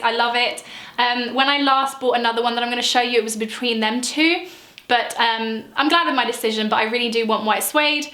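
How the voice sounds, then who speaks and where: A woman's voice: sits high, bright, forceful tone, roomy sound. A young woman, rambling and gushing through a chatty product review vlog. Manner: gushing, rambling, lots of fillers. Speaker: beauty vlogger.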